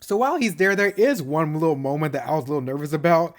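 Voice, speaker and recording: Here a TV show reviewer, a slightly high-voiced man who talks fast, rambles through an episode recap. He's warmly enthusiastic, leaning heavily on "like" and often restarting his thoughts.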